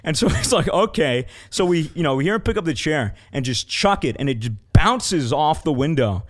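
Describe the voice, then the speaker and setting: A man's voice: fairly high pitch, animated, moderate pace. A man in casual podcast talk, telling a story with plenty of swearing and acting out the people he quotes. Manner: profane, acts out quoted voices.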